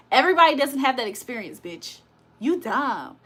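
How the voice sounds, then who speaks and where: A woman streamer chats live to her viewers, blunt and profane and ready to clap back at anyone. Her voice sits high and bright, with a forceful edge. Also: breathy edge. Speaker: livestream host. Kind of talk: casual live chat to viewers.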